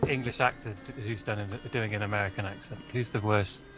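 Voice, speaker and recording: A man's voice: lowish voice, steady tone, brisk, over music. A man co-hosting a podcast, playful and blunt in casual chat, swearing freely. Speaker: podcast co-host.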